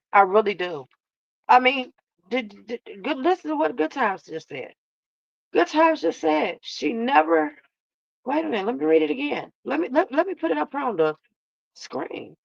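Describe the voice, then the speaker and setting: A woman hosts a casual live reaction stream in a drawling, sassy way, calling her viewers baby and love. Her voice sits a little high. The sound is dry and close, with a dull, lo-fi edge. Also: vocal fry, fairly bright tone, dry recording. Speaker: reaction channel host.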